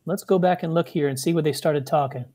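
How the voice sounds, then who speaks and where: An easygoing man co-hosts a board game chat over a video call and keeps the score. His voice is quite high for a man. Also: fast talker, warm tone. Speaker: co-host. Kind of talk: casual game-show banter.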